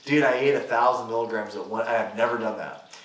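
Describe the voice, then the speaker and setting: A young man, a podcast guest, telling a story in casual chat, animated and swearing freely as he acts out what people said. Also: medium pitch, fast. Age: young adult. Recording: roomy, distant mic.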